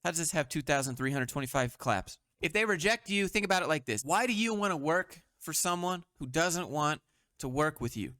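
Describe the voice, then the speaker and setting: Man, blunt and mocking commentary host, slightly high voice, dry close-mic sound. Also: expressive, fairly quick, pushed and bright, no echo. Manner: blunt and mocking, with frequent swearing. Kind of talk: sarcastic meme commentary.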